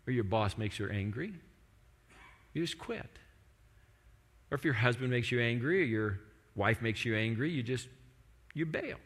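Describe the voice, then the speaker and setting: A man's voice: mid-range voice, a bit bright, big-room sound. A male pastor preaching a sermon in a conversational way, with frequent restarts and "like".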